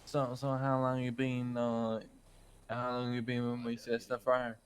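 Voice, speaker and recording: A man's voice: medium pitch, completely flat delivery, measured pace, clear, resonant tone. Man in a put-on Irish accent. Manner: stammering, earnest, ends lines with tag questions. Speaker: roleplay player. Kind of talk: in-character roleplay chat.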